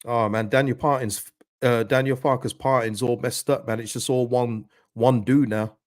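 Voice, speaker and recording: A man hosts a live football watchalong, talking in an ordinary mid-range voice. He swings between excited reactions and pleading with the players, and reads out and answers his viewers' messages. The sound is dry, with no room echo. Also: mid-range voice, moderate pace.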